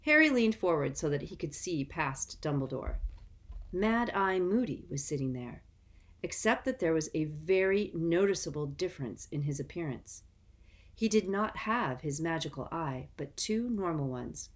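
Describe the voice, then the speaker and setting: A woman narrates a storybook aloud in a measured, even manner. Her voice sits low. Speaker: audiobook reader.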